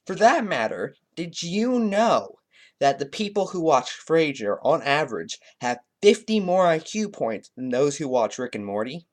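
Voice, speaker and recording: A man's voice: a little high, big pitch swings, measured pace. A man playing a pompous, self-proclaimed intellectual who lectures in a haughty, self-important way. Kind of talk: comedic character bit.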